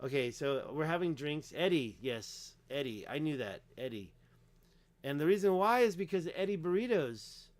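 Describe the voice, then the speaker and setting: Excitable man rambling on a livestream. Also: fairly high pitch, moderate pace, no echo. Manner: excitable, emphatic, rambling with fillers. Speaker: livestream host. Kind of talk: casual livestream chat.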